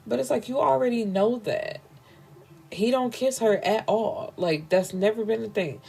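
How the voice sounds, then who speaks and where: Animated, slangy woman recapping a book. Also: fairly high pitch, normal speed, vocal fry, slightly rough. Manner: animated, slangy, swears freely, laughs at the story. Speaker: book podcast host.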